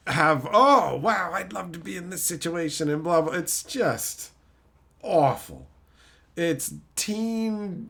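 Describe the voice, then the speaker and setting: A man streaming and chatting casually, ranting about a show with frequent swearing and mocking put-on voices. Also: on the high side. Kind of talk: casual chat.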